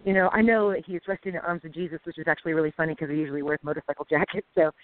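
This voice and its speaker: A woman co-hosting a casual faith podcast, talking excitedly and urging listeners on. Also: low-pitched, very fast, no echo. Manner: excitable, emphatic, exhorting listeners. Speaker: co-host. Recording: tinny phone-like sound.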